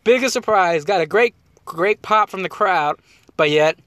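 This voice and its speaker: A man hosts a casual podcast, his voice sitting a little higher than most men's. He rambles in an animated way and laughs often. The recording is dry and close, with no room sound. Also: normal speed, dry recording. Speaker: podcast host. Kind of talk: casual wrestling chat.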